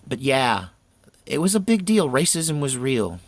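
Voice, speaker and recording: A man's voice: medium pitch, very animated, measured pace, no room sound. A man in his fifties telling a personal story in a folksy, earnest, conversational way.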